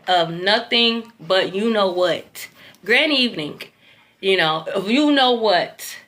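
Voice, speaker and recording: A woman, telling viewers a long dream story in a loose, animated way, swearing freely and talking straight to them. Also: medium pitch. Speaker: tarot reader recounting a dream.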